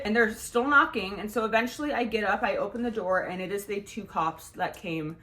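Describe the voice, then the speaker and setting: A woman's voice: medium pitch, brisk, few pauses, fairly bright tone. A young woman telling a personal story to her viewers from home, in a frank, profane, rambling manner full of "like" fillers. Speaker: vlogger. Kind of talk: casual storytime monologue.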